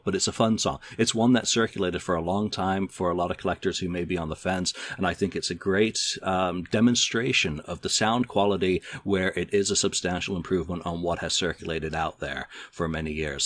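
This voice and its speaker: A man's voice: low voice, a little fast, hardly any pauses. A middle-aged man hosting a podcast in a casual, chatty way, steering whose turn it is. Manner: relaxed, chatty, steers the turns. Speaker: podcast host.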